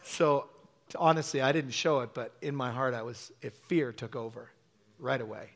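A middle-aged man preaching a sermon, telling a story with animated quoted voices. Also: moderate pace. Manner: animated storytelling, acting out quotes with sudden high-pitched bursts.

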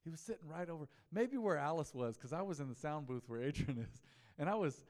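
A man's voice: on the high side, lively intonation, fairly quick, darkish tone, big-room sound. A man preaching a mid-week sermon as pastor, in a conversational style, telling stories and asking the congregation questions. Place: church sanctuary.

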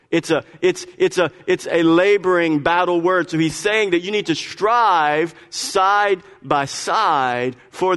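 Male pastor, sermon delivery, emphatic and repetitive, slightly high voice, reverberant church hall. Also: fairly bright tone. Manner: emphatic, repeats phrases, stammers on restarts. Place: church sanctuary.

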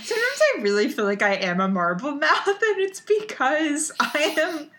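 Recapping a TV episode as a podcast co-host, an American woman tells long, drawn-out stories, giggling frequently and filling her speech with "like". She has a high, sharp-toned voice that swings widely in pitch.

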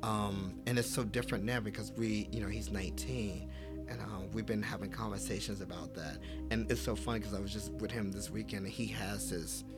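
A man in his forties, a podcast guest, telling personal stories in casual conversation and acting out the dialogue with lively fillers. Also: on the low side, a little fast, loud music behind the voice. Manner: animated, acts out quoted dialogue with fillers.

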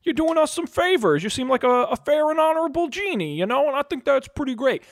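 A man voicing a friendly horse adventurer who flatters a genie, in a raised, upbeat voice. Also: extremely high pitch, fast, voice pushed up, heavily acted. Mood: flattering.

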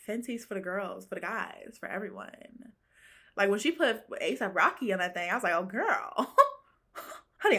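Female solo podcast host with a bright, forceful voice, gossipy and chatty, quick to laugh and say honey. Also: mid-range voice. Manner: chatty, slangy, laughs often, calls listeners honey. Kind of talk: casual solo pop-culture chat.

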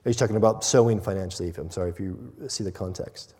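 A man preaching a sermon as pastor, earnest, dropping to a quiet hush on key points. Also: medium pitch, fast. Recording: long hall reverb.

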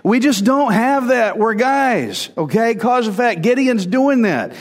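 A man preaching a casual, conversational sermon, animated and repeating phrases for emphasis. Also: high-pitched, normal speed, hardly any pauses, big-room sound. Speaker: pastor.

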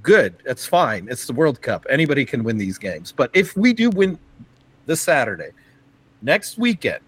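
A man co-hosting a casual sports podcast, his voice sitting in an ordinary middle pitch. He talks with eager enthusiasm but stumbles through fillers and restarts as he builds his point. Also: very animated, moderate pace, breathy edge, no echo, rough recording. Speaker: podcast co-host.

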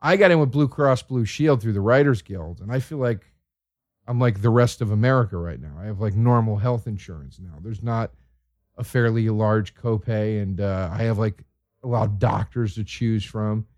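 A man's voice: lowish voice, normal speed, a little mellow, dry recording. A man hosting a podcast, ranting in a casual comedic monologue with plenty of swearing and exasperation. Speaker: podcast host.

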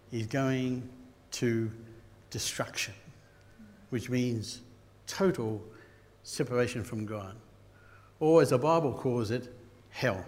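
An Australian man preaching a sermon, telling stories and rising to loud bursts. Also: medium pitch. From Queensland, Australia. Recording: long hall reverb.

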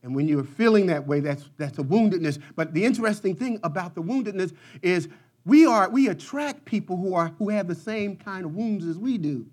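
A man preaching a sermon, dropping to quiet low passages and rising to shouted peaks, repeating phrases in rhythmic runs. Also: expressive, fairly quick.

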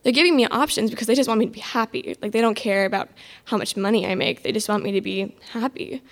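A woman's voice: a little high, steady tone, quick pace, creaky. Sarcastic teenage girl telling her story. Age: mid-teens. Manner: exasperated, sarcastic, self-mocking. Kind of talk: personal storytelling.

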